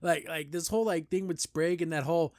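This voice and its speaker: A man hosting a cartoon review show, chatting casually and enthusiastically, rambling with lots of "like" and "you know" and jumping up in pitch when he praises a scene. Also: fairly even intonation, fairly quick, a little mellow, no echo, studio quality.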